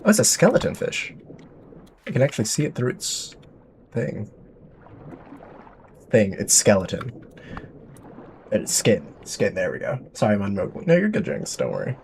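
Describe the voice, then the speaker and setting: Streaming a survival game, a man with a fairly low voice offers chatty, playful live commentary, full of jokey, excitable exclamations and self-mockery. He speaks at a moderate pace with long pauses, and there's a little hiss or hum in the background.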